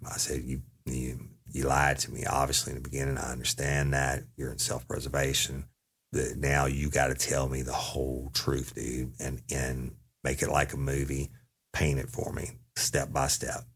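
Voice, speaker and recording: A man's voice: a bass voice, slightly rough. A man telling an audience about a police interrogation, casual and profane, acting out the quoted dialogue. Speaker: storyteller recounting a police interrogation.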